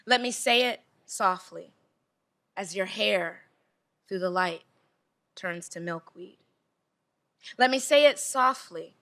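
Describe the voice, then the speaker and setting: A woman reads her poetry aloud in a clear, bright voice. She speaks into a microphone, with a rhythmic, repeating cadence. Her lines hold a gentle, lyrical pull. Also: on the low side. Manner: rhythmic, repetitive recitation; casual, rambling asides. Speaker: poet. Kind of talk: poetry reading.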